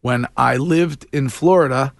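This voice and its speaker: A man's voice: mid-range voice, measured pace, creaky, no room sound, clean studio sound. A man hosting a morning radio show, bantering and reading listener texts aloud. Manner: reads listener texts, animated.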